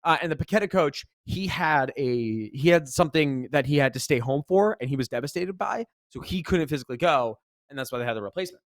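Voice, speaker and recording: A man co-hosting a podcast, his voice sitting a little high and close in a dry, dead-sounding space. He tells the story with animation, climbing loud whenever he gets exasperated. He swears freely along the way. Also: lively intonation, brisk, no room sound. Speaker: podcast co-host, esports commentator. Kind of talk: casual podcast chat.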